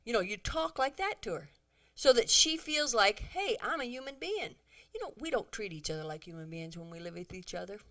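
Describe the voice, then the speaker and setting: A middle-aged woman giving a humorous talk to a church audience, animated and chatty, acting out bits of dialogue. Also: medium pitch, brisk. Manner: animated, acts out quoted dialogue, chatty asides. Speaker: women's conference speaker.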